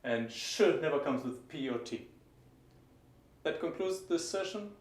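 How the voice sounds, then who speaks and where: A man teaching German pronunciation, explaining each sound and slowly repeating example words. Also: on the high side, animated, reverberant. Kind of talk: pronunciation lesson.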